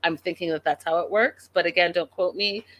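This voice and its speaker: A woman's voice: fairly low pitch, brisk, a bit bright. A woman hosting a casual live recap show, chatting and reading viewer comments with exasperation. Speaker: podcast host recapping a reality show.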